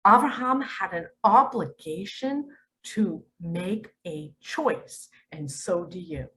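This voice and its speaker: A woman speaking as a spiritual teacher in a religious monologue, emphatic, with sudden loud and hushed turns. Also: on the low side, expressive, slow, rough recording.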